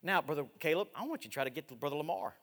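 A man in his forties preaching a missionary sermon, swinging from loud exhortation to hushed, drawn-out words. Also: on the high side, animated. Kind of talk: evangelistic sermon with live demonstration. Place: large church sanctuary. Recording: echoey church hall.

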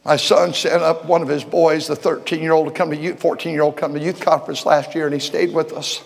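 An older man preaching a folksy sermon, repeating words and swinging from shouts to quiet talk. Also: fairly high pitch, level tone, fairly quick, creaky. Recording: long hall reverb.

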